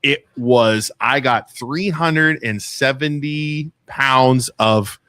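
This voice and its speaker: A man's voice: medium pitch, slow, no echo. A man co-hosting a local call-in podcast, bantering casually and laughing often. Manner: animated, laughs often, blurts questions. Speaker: podcast co-host.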